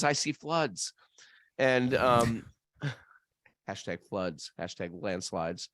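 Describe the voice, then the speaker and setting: A man telling a story in casual chat, acting out the characters' voices and swinging his pitch widely. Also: extremely slow, long pauses, no echo. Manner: animated storyteller, acts out voices in high falsetto. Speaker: podcast co-host.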